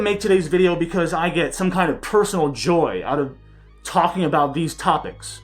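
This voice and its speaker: A man hosting a commentary vlog, talking with raw anger and swearing, his voice dropping low when upset. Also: moderate pace, soft background music. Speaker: political commentary vlogger.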